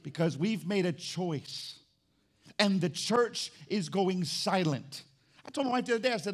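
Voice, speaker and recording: A male pastor preaching a sermon in a church, impassioned, swinging from low and intimate to loud and fervent. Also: lively intonation, unhurried. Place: church sanctuary.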